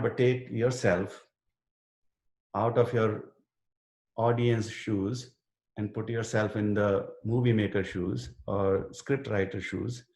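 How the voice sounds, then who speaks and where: A man's voice: fairly low pitch, a little mellow, roomy sound. A man teaching a live online writing workshop and answering student questions earnestly, with many fillers and restarts. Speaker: writing instructor. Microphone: video call.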